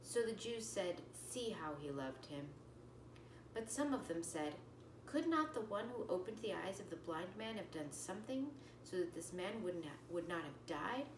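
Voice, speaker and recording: A woman religion teacher reading scripture aloud slowly and carefully, then explaining it plainly to children with a few fillers. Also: on the low side, expressive, noisy background. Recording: echoey room, voice from far off the mic.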